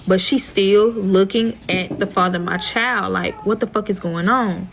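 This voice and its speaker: A woman's voice: mid-range voice, normal speed, vocal fry, low-quality recording. A young woman telling a storytime in a profane, exasperated, dramatic way. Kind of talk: storytime vlog.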